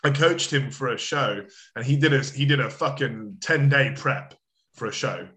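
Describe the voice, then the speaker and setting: A man's voice: mid-range voice, moderate pace, fairly bright tone. A man, a coach chatting as an interview guest, rambling with lots of filler words and casual swearing. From United Kingdom.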